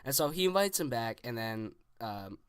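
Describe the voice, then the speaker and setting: A man's voice: medium pitch, sing-song, moderate pace, smooth, dry recording, clean studio sound. A young man in his teens casually telling a story, rambling with lots of "like" and restarts.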